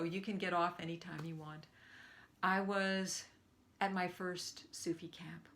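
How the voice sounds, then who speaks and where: Older woman, speaking coach, bright lowish voice, storyteller who acts out quotes. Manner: warm storyteller, acts out quotes with big pitch jumps. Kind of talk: live online training Q&A with storytelling.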